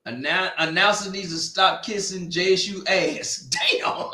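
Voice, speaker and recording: A man hosting a watch party, reacting loudly and chatting casually as the game plays. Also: sits high, takes it slowly, echoey room. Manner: loud, animated, talks back to the game. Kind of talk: casual live-stream reactions.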